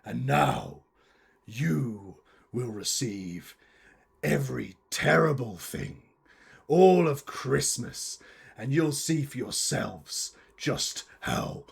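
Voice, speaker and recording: Villain: man voicing a slow, gravelly Christmas-hater, husky and menacing, music faint behind. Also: medium pitch, animated, exaggerated voice. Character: scheming male Christmas-hating villain, menacing.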